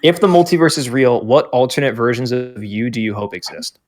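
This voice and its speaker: A man's voice: mid-range voice, lively intonation, a little fast. A young man co-hosting a casual podcast with friends over an online call, joking crudely and laughing often. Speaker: podcast co-host. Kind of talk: casual banter among friends.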